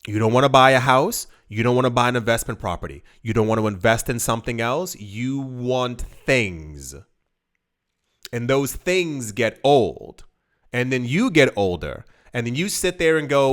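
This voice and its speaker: A man of medium pitch hosts a casual video and talks straight to the viewer. He is emphatic and repeats words, stumbling and restarting as he pushes his point. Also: lively intonation, normal speed, a bit bright. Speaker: crypto video host. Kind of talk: casual direct-to-camera commentary.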